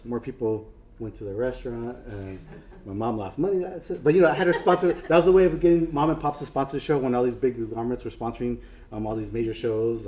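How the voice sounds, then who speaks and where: A man's voice: medium pitch, mellow. A man giving a casual artist talk, rambling and self-deprecating, with many fillers and restarts. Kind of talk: casual lecture.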